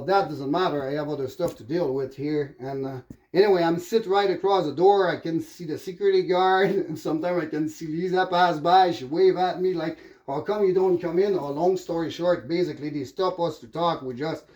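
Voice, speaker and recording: A middle-aged man with a French Canadian accent tells a personal story in a loose, rambling monologue. His voice sits a little higher than most men's. He starts over often and fills his pauses with "uh". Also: dull audio. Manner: rambling, animated, frequent fillers and restarts. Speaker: vlogger telling a personal story.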